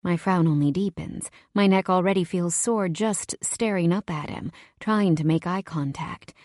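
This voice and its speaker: Casting: woman narrator, low-pitched, wry first-person romance read, close dry studio sound. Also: moderate pace, no echo. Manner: wry, conversational, expressive. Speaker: audiobook narrator.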